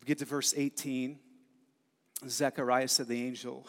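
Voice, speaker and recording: Male pastor, earnest conversational sermon, mid-pitched, long hall reverb. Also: moderate pace. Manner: conversational, earnest, animated asides. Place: church sanctuary.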